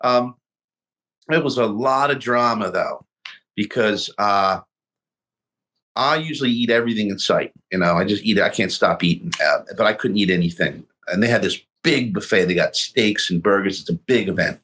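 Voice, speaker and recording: A man's voice: fairly low pitch, moderate pace. A middle-aged man telling a golf story in a casual interview, acting out what he and others said along the way. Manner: animated storyteller, acts out his own past lines. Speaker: guest golfer telling his story.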